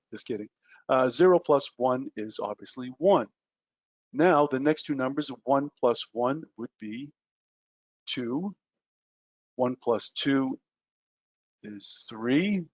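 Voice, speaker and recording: A man's voice: medium pitch, lively intonation, slow, long pauses, no room sound, lo-fi sound. A man teaching a trading webinar at a whiteboard, talking loosely with lots of ums and uhs and self-mocking jokes.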